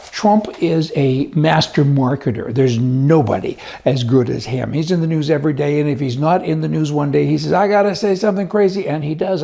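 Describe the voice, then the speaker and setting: A man's voice: on the high side, vocal fry, warm tone. A man giving opinionated news commentary in a folksy, emphatic, chatty way. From United States.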